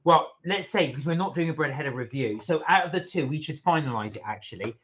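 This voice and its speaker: Guy, slightly high voice, co-host reading comments on a live stream. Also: fast talker. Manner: chatty, animated, reads out comments. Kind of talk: casual chat, reading viewer comments. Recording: dull lo-fi live stream audio.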